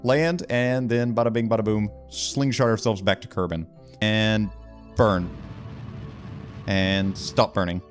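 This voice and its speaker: A man giving casual let's-play commentary, excitable and talking himself through each move of a game. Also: lowish voice, a little slow, faint music behind. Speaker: gaming video host.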